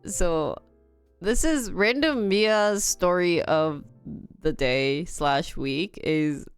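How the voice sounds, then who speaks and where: A woman's voice: on the low side, extremely slow, clear, resonant tone, faint music behind. A young woman chatting casually on a live stream, giggly and talkative, dropping in Korean words. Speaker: livestreamer.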